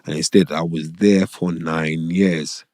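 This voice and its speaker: A middle-aged British man telling stories as a guest on an interview show, animated and acting out what others said in lively voices. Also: a bass voice, slow pace, no room sound. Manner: animated, acts out quoted people in raised voices. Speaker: boxing promoter and pundit, guest. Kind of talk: casual storytelling interview.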